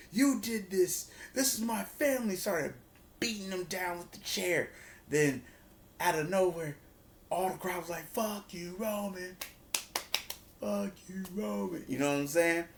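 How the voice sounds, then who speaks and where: A man casually recapping a wrestling event, telling it in an animated way and acting out what the wrestlers said in slang. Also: mid-range voice. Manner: animated storytelling, acts out quotes in slang. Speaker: wrestling reviewer.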